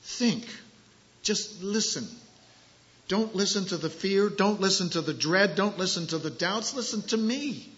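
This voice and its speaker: Brief: preacher giving voice to a calm, reassuring divine man, bright tone, lo-fi sound. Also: high-pitched, unhurried, voice pushed up. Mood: gentle. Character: gentle calm male divine voice, patient. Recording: dull lo-fi recording.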